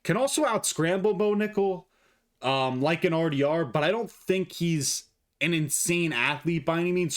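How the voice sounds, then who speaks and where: A man giving casual fight predictions as an MMA analyst, blunt and joking with plenty of swearing. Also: mid-range voice.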